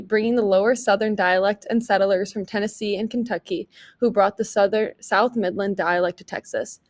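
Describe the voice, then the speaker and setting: A woman's voice: mid-range voice, darkish tone. Young woman presenting to class. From American Midwest. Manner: reads prepared text evenly. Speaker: student presenter.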